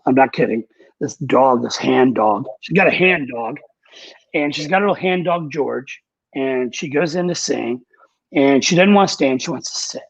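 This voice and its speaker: A man's voice: mid-range voice, animated, moderate pace, gravelly, husky, dry recording, lo-fi sound. A man who works as a recording engineer and producer, telling candid, profane studio anecdotes in a casual interview. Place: Nashville.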